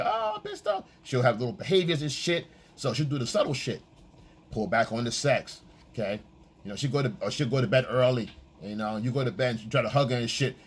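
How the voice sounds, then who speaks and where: A man coaching on dating in a casual, profane monologue, acting out quoted lines in a high voice. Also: slightly rough.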